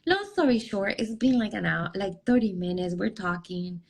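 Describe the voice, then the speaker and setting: A woman's voice: medium pitch, normal speed, creaky, rough recording. A young adult woman, a relationship coach, telling a personal story in an interview and acting out the dialogue in it. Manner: animated, acts out quoted dialogue with raised voice. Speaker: relationship coach, podcast guest.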